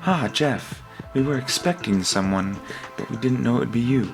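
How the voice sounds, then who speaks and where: A man's voice: medium pitch, moderate pace, music in the background, lightly acted. A man voicing a slender half-elf who greets a visitor in a friendly, curious way in a tabletop game. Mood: welcoming.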